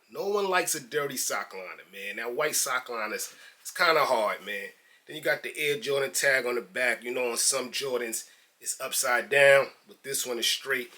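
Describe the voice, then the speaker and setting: A man's voice: medium pitch, moderate pace, pushed and bright. A man from New York doing a laid-back, slangy sneaker unboxing review and calling his viewers guys and man.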